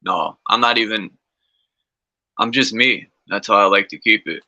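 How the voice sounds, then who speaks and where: A man with a very bright, forceful voice, trading irreverent jokes in casual chat. He keeps it loose and playful. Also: on the low side, normal speed, muffled recording. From United States. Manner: joking, irreverent banter.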